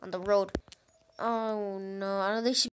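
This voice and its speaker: A woman hosting a gaming channel, giving excitable let's-play commentary and talking straight to her viewers with frequent exclamations. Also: medium pitch, unhurried, a little hiss or hum.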